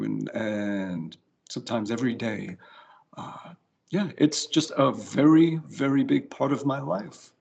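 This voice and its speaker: A man's voice: medium pitch, vocal fry, a little mellow. A middle-aged man with a New York accent, answering interview questions in a chatty, self-deprecating way. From United States. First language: English. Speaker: guitarist, interview guest.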